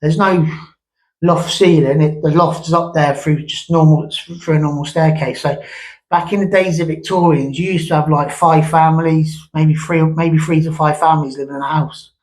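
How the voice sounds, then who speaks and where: Rambling storytelling man, slightly high voice. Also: fairly even intonation, normal speed, darkish tone, poor audio. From England. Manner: rambling, conversational, with many restarts and asides. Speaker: vlogger.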